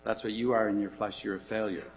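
A man's voice: fairly low pitch, little pitch movement, fast talker, rough recording. Earnest preaching man, emphatic. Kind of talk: sermon.

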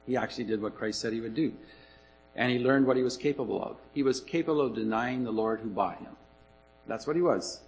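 A man's voice: fairly low pitch, slight background noise, low-quality recording. A man preaching a sermon in an earnest, emphatic way, repeating his key points.

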